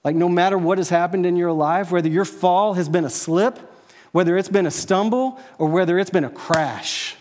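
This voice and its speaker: A male pastor preaching in a relaxed, conversational manner, often tagging his points with a questioning "right?". His voice sits a little higher than most men's. The sound carries a long reverb from the large hall he speaks in. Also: normal speed. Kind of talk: sermon. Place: church service with a live audience.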